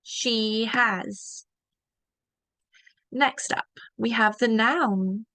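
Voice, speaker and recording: Woman, beginner language teacher, slow deliberate words for repeating, fairly high voice. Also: bright, forceful tone, no room sound. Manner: slow, drawn-out modelling of each word for repetition. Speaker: French teacher.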